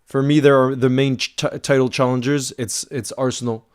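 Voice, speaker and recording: A man hosting a live fan watchalong, calling the play, repeating himself, and swinging between frustration and shouting. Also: medium pitch, moderate pace, clear, resonant tone. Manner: emotional, swings from frustrated to screaming excitement; calls play by play, repeats phrases.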